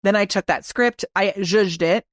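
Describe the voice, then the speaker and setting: A woman's voice: medium pitch, no room sound, studio quality. A woman guest on a podcast, telling stories in an enthusiastic, casual way. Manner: enthusiastic, quick storytelling. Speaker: guest, video marketing expert.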